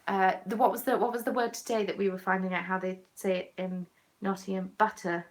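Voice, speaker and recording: A woman's voice: mid-range voice, flat delivery, a little fast. A young woman with a Southern English accent chats casually into a camera at home while she knits. She answers her viewers' comments one by one and pokes fun at herself along the way. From southern England. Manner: chatty and self-mocking, answers viewers' comments aloud. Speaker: craft vlogger. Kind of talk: casual chat while knitting.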